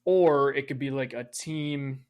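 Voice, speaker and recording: A man's voice: medium pitch, unhurried, a little mellow, clean tone. A man co-hosting a podcast, chatting casually and laid-back, often in brief replies. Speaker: podcast co-host. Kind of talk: casual chat.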